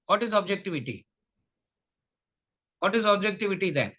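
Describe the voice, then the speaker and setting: A man with a Tamil English accent gives a spiritual lecture, his voice pitched high and bright. He repeats key phrases, poses questions to his listeners and asks if they follow, now and then switching into Tamil. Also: normal speed, long pauses. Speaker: spiritual teacher.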